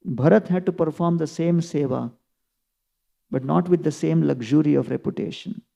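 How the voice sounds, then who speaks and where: Earnest preacher, gravelly. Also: male voice, fairly high pitch, normal speed, dark tone. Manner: earnest storytelling with emphatic rises. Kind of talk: sermon, scripture class.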